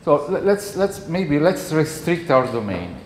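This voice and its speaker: A man's voice: a little high, big pitch swings, measured pace. Man, Italian accent, professor, lecture, echoey hall, faint background hiss. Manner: conversational, checks in with "okay?" often. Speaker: university professor. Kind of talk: classroom lecture.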